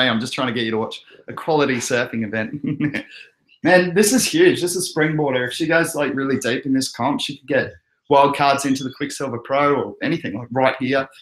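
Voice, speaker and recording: Chatty and quick to laugh, a young Australian-accented man reads out viewer comments while hosting a casual crypto live stream. His mid-range voice is expressive, fairly quick and a bit bright, captured in an echoey room.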